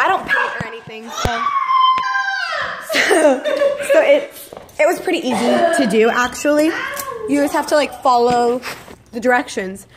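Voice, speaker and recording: Young woman, high voice, vlogger, chatty, exasperated, lots of "like". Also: rough recording. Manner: chatty and exasperated, heavy use of "like". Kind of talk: casual storytelling to camera.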